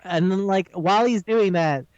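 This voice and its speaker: Profane, animated man recapping a show. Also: sits high, moderate pace, clear, resonant tone, no echo. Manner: animated, profane, acts out characters' lines. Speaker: podcast co-host. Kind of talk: casual recap chat. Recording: dull lo-fi sound.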